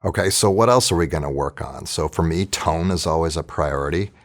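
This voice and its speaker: A man's voice: low-pitched, fairly quick. A man teaching orchestra planning in a casual, chatty screen-recorded tutorial, thinking aloud as he works.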